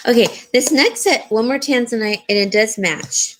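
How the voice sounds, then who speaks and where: A woman's voice: animated, normal speed, hardly any pauses, fairly bright tone, slight background noise. A woman hosting a live jewelry sale, chatting casually and answering viewer comments. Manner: coos in a high baby voice to her dog. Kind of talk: casual live-stream sales chat.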